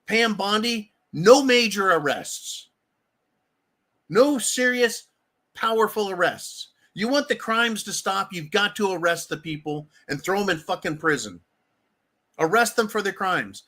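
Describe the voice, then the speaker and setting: Swearing frequently and heatedly, a man running a livestream keeps calling the people watching "folks." He speaks at a moderate pace in a high-pitched voice that is bright and forceful.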